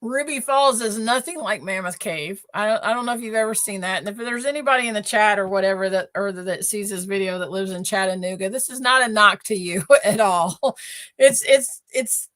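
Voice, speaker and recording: Bright-voiced chatty woman. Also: mid-range voice, brisk. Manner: chatty, animated storyteller, many fillers. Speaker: host. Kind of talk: casual livestream chat, storytelling.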